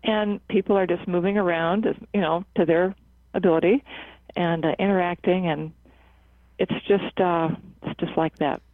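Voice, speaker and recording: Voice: medium pitch, fairly even intonation, dry recording. Earnest therapist on a tinny phone line. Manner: earnest, measured, with frequent fillers and restarts. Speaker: psychotherapist and laughter club leader at a cancer center. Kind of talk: conversational interview answers.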